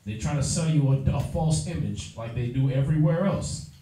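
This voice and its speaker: A man's voice: mid-range voice, moderate pace, dark tone. A man teaching a Bible class, lecturing emphatically with lots of fillers and restarts. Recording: echoey room, mic far off.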